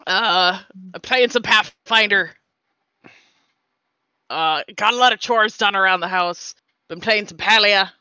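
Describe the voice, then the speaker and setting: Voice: mid-range voice, measured pace, pauses often, pushed and bright, clean tone, no room sound, poor audio. A podcast co-host and game master chatting casually, laughing often and talking in a playful pirate voice.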